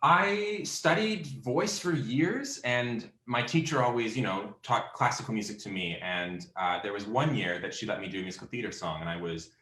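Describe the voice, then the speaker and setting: A man's voice: lowish voice, normal speed, hardly any pauses, pushed and bright. A young man from Canada, a guest musician, chatting casually in an interview with many fillers and self-corrections. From Canada (Alberta). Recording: roomy echo.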